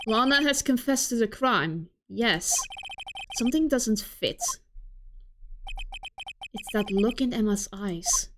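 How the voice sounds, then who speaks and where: Woman voicing an earnest male lawyer, plain delivery, lively pitch. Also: takes it slowly, pauses often, noisy background. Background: game music.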